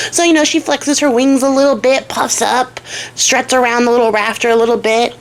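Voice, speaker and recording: A woman's voice: on the high side, steady tone, brisk. A young woman telling a fairy tale in a casual, slangy way, with swearing and side comments. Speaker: storyteller and craft vlogger. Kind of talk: casual storytelling.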